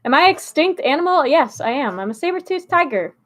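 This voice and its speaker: A woman's voice: sits high, big pitch swings, a little fast, fairly bright tone. A woman streamer chatting casually with her live chat, bubbly and laughing often.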